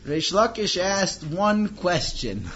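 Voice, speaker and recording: A man telling a teaching story in an informal lesson, animated and acting out the characters' lines. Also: sits high, slow pace, muffled recording, slight background noise.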